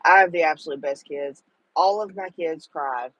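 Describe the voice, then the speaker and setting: A woman's voice: low voice, moderate pace, dry recording, lo-fi sound. A middle-aged woman, talking to viewers in a casual livestream chat, tender and emotional. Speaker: livestream host.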